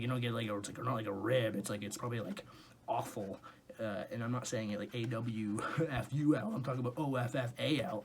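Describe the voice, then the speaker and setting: A young man rambles through a comic fast-food review, wandering off on tangents and breaking into sweary rants. His voice sits at an ordinary middle pitch. Faint noise and a few clicks run behind him in his dim room.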